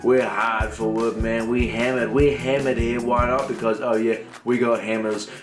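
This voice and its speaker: A man's voice: medium pitch, little pitch movement, normal speed, reverberant, music in the background, close to an everyday voice. A man voicing a brash male hardware-store ad announcer in a boastful, salesy patter.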